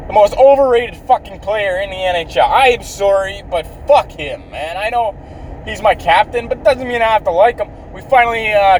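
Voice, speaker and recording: A man's voice: high-pitched, darkish tone, far from the mic, slight background noise, low-quality recording. A man in his thirties from Canada ranting outdoors in a bitter, profane way, swearing constantly.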